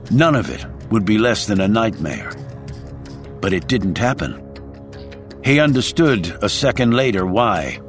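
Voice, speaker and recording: A man narrates an action thriller in a dramatic storytelling voice, his pitch rising and falling widely. His voice sits at a middle pitch over soft music playing underneath. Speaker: audiobook narrator.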